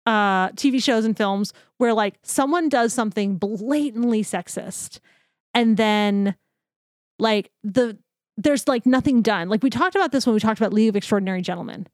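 A woman co-hosting a podcast, chatting casually and gushing enthusiastically with quick asides. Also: on the high side, dry recording, clean studio sound. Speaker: podcast co-host. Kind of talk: casual chat.

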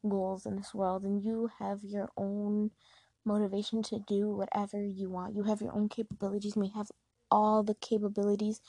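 Flat-voiced young woman rambling casually. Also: mid-range voice, no echo. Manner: chatty and rambling, many fillers. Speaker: podcast host. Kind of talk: casual advice monologue. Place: bedroom at home.

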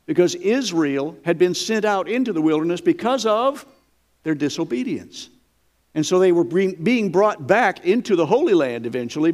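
A man's voice: fairly high pitch, darkish tone. A man preaching a sermon in an emphatic, folksy way, with dramatic quoted lines.

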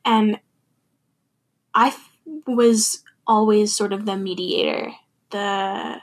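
A woman's voice: mid-range voice, steady tone, slow pace. A young adult woman talking candidly and thoughtfully about her feelings in a personal monologue, laughing now and then.

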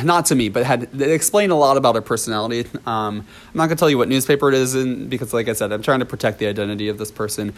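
A man of ordinary mid pitch recounts a story for his vlog audience. He talks casually, breaking into laughs and sprinkling in ums and false starts. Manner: chatty storytelling with laughs, filler ums and restarts. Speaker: dance teacher.

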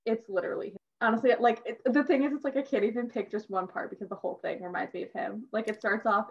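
A young woman co-hosting a podcast, chatting excitedly as a fan, laughing and filling her talk with "like". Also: a little high, fast, hardly any pauses, slightly rough. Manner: excitable, laughing, heavy use of "like". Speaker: podcast co-host. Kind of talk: casual fan chat. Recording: dull lo-fi sound.

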